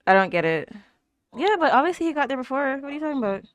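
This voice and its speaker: Lively, high-voiced woman reacting. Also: quick pace, no echo. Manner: talks back at the screen, chatty, lots of fillers; laughs often and coos at cute moments. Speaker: anime reaction host. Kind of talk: casual reaction commentary.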